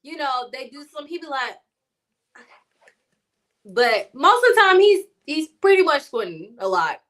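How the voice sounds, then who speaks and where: A woman co-hosts a sports talk show in a bright, slightly high voice at a moderate pace. She rambles through her points in a relaxed, chatty manner, laughing often as she goes.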